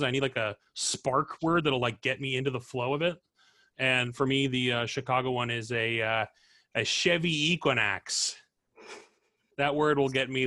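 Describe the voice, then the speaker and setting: A man chatting as a podcast guest, playful and rambling, quick to laugh. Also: mid-range voice, pushed and bright. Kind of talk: casual comedic chat.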